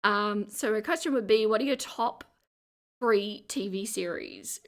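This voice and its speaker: An Australian woman hosting a livestream, chatting casually as she reads viewer comments aloud, with vocal fry in her lower register and frequent laughter. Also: unhurried. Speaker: livestream host.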